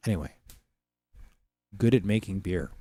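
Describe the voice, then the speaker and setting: A man's voice: deep voice, animated, a little slow, warm tone, husky, dry recording. A man hosting a livestream, telling rambling, profane stories in casual chat with many fillers. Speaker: livestream host.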